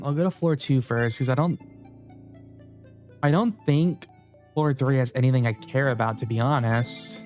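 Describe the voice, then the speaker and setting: A man's voice: medium pitch, normal speed, long pauses, darkish tone, faint music behind. Sweary, emotional male game streamer. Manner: emotional, sweary, swings from muttering to outbursts. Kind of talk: casual let's-play commentary and reading.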